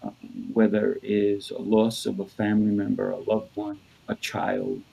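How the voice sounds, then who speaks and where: Gravelly low-voiced man telling stories. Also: monotone, highs cut off. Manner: halting, repeats words, laughs easily. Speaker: podcast co-host. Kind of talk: casual conversational storytelling.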